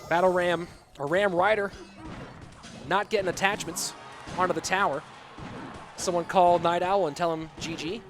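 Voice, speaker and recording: Male esports caster, high-pitched and hyped, live commentary with music playing underneath. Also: moderate pace, pauses often. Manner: excitable, hyped shout-outs to viewers. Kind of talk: live game commentary reading chat.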